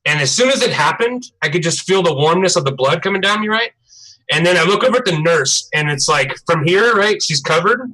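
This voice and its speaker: A young man chatting casually on a live stream, telling a profane, animated story. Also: a little high, rough recording. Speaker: livestream co-host.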